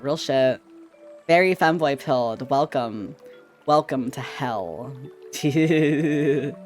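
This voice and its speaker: A man live-streaming, chatting casually with his viewers, swearing often, and swinging between loud and quiet. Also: fairly high pitch.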